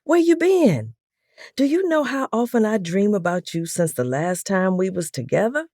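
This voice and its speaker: A woman puts on a middle-aged man who gushes and pleads, talking loud and fast and pitched well above her reading voice. The recording is close and dry, with no room sound. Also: sing-song, dry recording, full character voice. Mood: eager. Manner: pleading, rambling.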